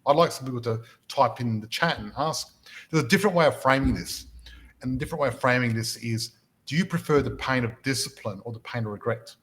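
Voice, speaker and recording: A property mentor hosting a motivational podcast tells stories energetically and fast in a mid-range voice, often repeating words as he restarts sentences. The recording quality is low.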